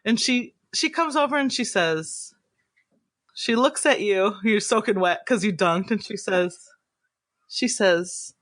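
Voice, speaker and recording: A woman narrating a tabletop role-playing game as game master in a measured, descriptive way. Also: mid-range voice, a bit bright, no room sound.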